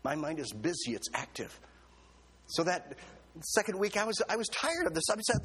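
Husky-voiced preacher telling a funny story. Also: male voice, high voice, moderate pace. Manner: humorous, animated storytelling with excited self-quotes. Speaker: pastor. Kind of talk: sermon.

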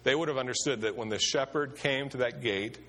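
A man's voice: medium pitch, brisk, pushed and bright. A man preaching a sermon as pastor, telling stories in a conversational way with frequent fillers.

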